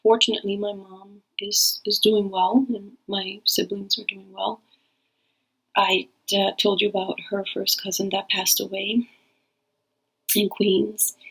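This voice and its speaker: A woman's voice: medium pitch, level tone, unhurried, vocal fry, a bit bright, husky, low-quality recording. A woman hosting her own reading channel, talking casually and rambling to her viewers with frequent restarts. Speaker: tarot reader and channel host. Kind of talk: casual talk to camera.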